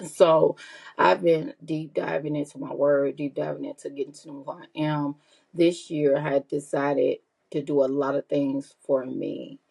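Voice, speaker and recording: Middle-aged woman host, gravelly husky voice, candid heartfelt solo podcast talk. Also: deep voice, mellow, poor audio. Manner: candid and heartfelt, repeats herself for emphasis. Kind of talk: casual personal monologue.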